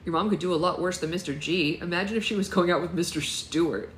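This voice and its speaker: A woman's voice: lowish voice, quick pace, echoey room, a little hiss or hum, lightly acted. A woman voicing a dry, teasing teenage boy in a read-aloud book.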